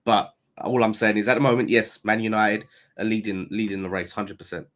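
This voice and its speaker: A man co-hosting a football podcast, making his point in a measured, hedging way with repeated phrases. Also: on the low side, level tone, a bit bright. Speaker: podcast co-host. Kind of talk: casual football podcast debate.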